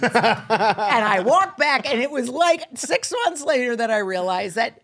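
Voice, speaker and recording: A middle-aged woman comedian hosts a casual podcast chat. Her voice sits mid-range but moves with lively swings of pitch. She tells profane, acted-out stories. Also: a little slow. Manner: animated, profane storytelling with acted-out quotes.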